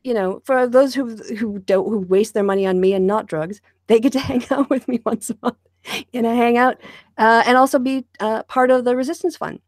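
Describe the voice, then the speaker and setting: A woman's voice: a little high, normal speed, no room sound. Woman host, teasing, laughs a lot, dry close sound, casual podcast chat.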